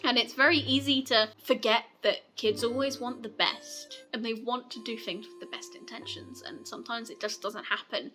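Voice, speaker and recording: A woman talks through her book picks in a casual vlog, gushing and rambling as she goes. Her voice is bright and clear and sits a little high, and she laughs often. There is faint music behind her. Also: normal speed, hardly any pauses. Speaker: book vlogger.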